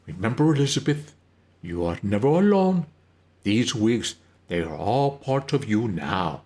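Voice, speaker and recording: A man voicing an emphatic, caring woman who runs a wig shop, speaking firmly but gently with drawn-out emphasis. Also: fairly low pitch, sing-song. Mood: grand, theatrical.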